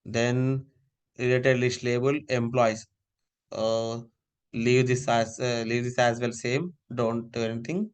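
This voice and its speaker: A man's voice: medium pitch, steady tone, slow pace, clear, resonant tone. A man teaching a live online class over a video call, giving repeated step-by-step instructions.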